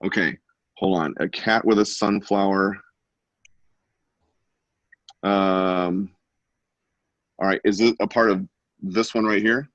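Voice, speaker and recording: A man with a deep, low voice hosts a casual online art class, keeping up a playful, joking commentary as people draw. He talks over a video call and the sound is close and dry, with no room echo. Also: steady tone, takes it slowly, long pauses, a bit bright, highs cut off. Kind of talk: casual live-stream teaching.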